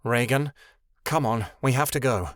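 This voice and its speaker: A proud, sharp-tongued griffin, a she-creature who talks curtly in a low, even voice, as a man reads her. It is a fantasy audiobook, recorded dry and close. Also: measured pace, no room sound, close to an everyday voice. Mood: curt, gruff.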